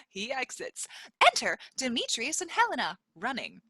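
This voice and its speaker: Woman quietly reading stage directions. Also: fairly high pitch, huge pitch swings, moderate pace, breathy edge, dry recording.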